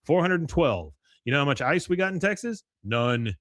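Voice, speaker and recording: A man's voice: fairly high pitch, very animated, moderate pace, fairly bright tone, no echo. A stern, officious cartoon chairman , as a man puts him on. He lectures in a raised, pointed voice. The recording is dry, with no room sound.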